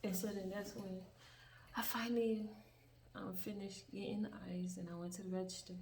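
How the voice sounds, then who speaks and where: A young woman with a mid-range voice narrates a meandering, profanity-laced storytime vlog at a moderate pace, lively and full of tangents. The audio comes from a distant mic with faint background hiss.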